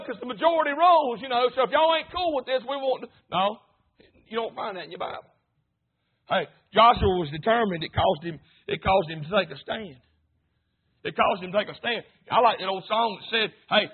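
A man preaching a sermon, swinging between fervent shouts and low murmurs. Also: expressive, fairly quick, husky. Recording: tinny, phone-like sound.

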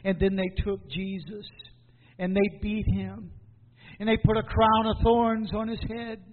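High-voiced preacher man in a hall. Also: little pitch movement. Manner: preaching with dramatic pauses and repeated questions. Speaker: pastor. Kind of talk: sermon. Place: church. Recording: tinny phone-like sound in a hall.

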